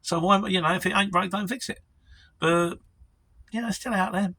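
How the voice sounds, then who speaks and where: A man's voice: high voice, steady tone, normal speed, bright, forceful tone, dry recording. A middle-aged man with a London Mockney accent, chatting casually and self-deprecatingly as he answers viewer questions on his vlog. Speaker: lorry driver vlogger.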